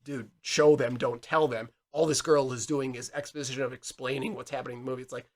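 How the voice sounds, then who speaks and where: A man's voice: mid-range voice, fast talker. A young man co-hosting a casual movie podcast, talking animatedly and acting out lines from films. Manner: animated, acts out quotes loudly. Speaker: podcast co-host.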